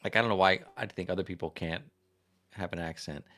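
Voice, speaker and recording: Speaking a little fast in a low, fairly bright voice, an American man runs a casual livestream. He talks in a meandering way into his desk microphone, reading comments from viewers and putting questions to them.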